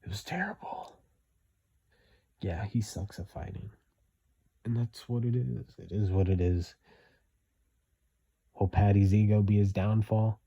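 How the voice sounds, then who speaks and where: Blunt low-voiced man, repeats himself. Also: fairly even intonation, a little slow, creaky, long pauses, warm tone, breathy edge, dull audio. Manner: blunt, repetitive, emphatic. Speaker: commentator. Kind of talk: opinionated solo commentary.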